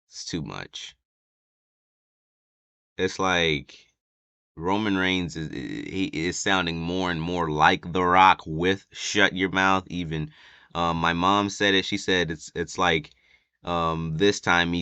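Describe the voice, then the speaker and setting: A man giving a casual, chatty wrestling recap with lots of fillers, sometimes acting out quotes loudly. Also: low voice, clean tone, no echo.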